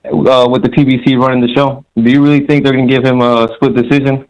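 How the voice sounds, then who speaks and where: A man phones in to a show and tells a rambling story with swagger and crude words. His voice sits at an ordinary middle pitch as he talks in a casual way. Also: little pitch movement, quick pace, darkish tone, dull audio. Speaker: caller.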